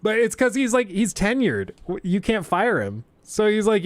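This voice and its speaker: A man's voice: high voice, sing-song, moderate pace, no room sound. A young man telling a story on a livestream, laughing often and acting out the people he quotes. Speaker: streamer.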